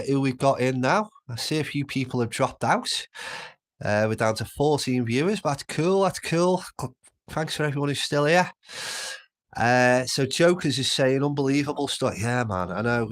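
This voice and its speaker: Middle-aged stream host, rambling and sweary. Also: male voice, mid-range voice, normal speed. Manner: rambling, swears, repeats words. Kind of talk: casual live stream chat.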